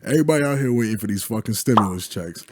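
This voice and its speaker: A man co-hosting a podcast in casual banter, loud and joking, talking straight to his listeners. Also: on the low side, expressive, rapid-fire, noisy background. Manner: loud, joking, profane, addresses listeners directly. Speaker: podcast co-host.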